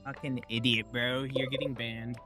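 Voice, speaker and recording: A man's voice: mid-range voice, little pitch movement, moderate pace. Guy streamer chatting with his viewers, slangy and blunt, game music going behind him. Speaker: livestreamer. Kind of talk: casual gaming stream chat.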